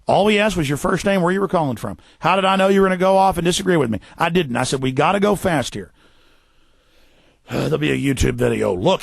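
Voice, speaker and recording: A man hosting a radio talk show, ranting fast and forcefully, tripping over repeated words. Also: on the high side, gravelly, dry recording. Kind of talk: heated radio monologue. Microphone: studio microphone.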